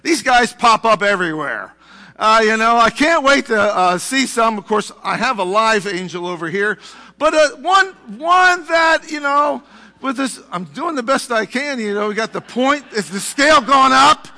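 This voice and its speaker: A man's voice: sits high, expressive, moderate pace, pushed and bright, long reverb tail. A male pastor preaching a sermon in a church, talking conversationally with asides to the congregation. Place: church sanctuary.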